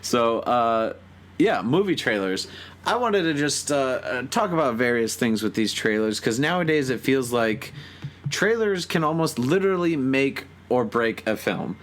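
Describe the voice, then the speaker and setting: A man's voice: mid-range voice, animated, measured pace, slight background noise. A young man hosting a podcast in casual chat, laid-back and chuckling, with many fillers. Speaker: podcast host.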